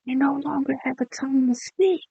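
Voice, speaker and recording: An online commentator delivering a mocking, profane rant that spins into a drawn-out, taunting made-up story. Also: sits high, gravelly, mellow, dry recording, highs cut off.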